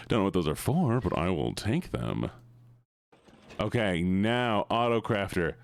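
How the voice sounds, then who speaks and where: A man's voice: lowish voice, wildly swooping pitch, a little slow, creaky. A man live-streaming a game, chatting casually and joking with a self-deprecating humor.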